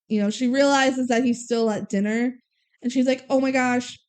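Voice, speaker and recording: A woman's voice: on the high side, fairly even intonation, darkish tone, smooth. Chatty woman recapping a movie. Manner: retells the plot, quoting characters in quick voices. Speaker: podcast co-host. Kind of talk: casual movie recap chat.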